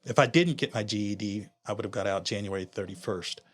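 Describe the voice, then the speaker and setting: A man's voice: lowish voice, fairly quick. A man from Honduras, a guest on a podcast, candidly and reflectively recounting his own story, often restarting his sentences. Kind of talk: personal storytelling in an interview.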